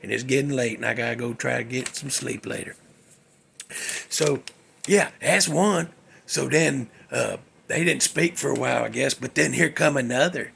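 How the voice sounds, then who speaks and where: A man's voice: medium pitch, normal speed, creaky, a bit bright, slight background noise. A man hosting a show, telling a workplace story in a folksy, salty, worked-up way. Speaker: host. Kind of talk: casual storytelling monologue.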